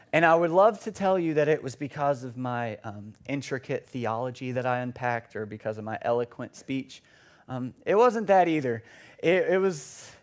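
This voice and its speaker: A young man with a fairly high voice tells a funny, self-deprecating story from the pulpit. He rambles through it with plenty of fillers, speaking in a church service. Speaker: preacher. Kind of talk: storytelling sermon. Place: church sanctuary.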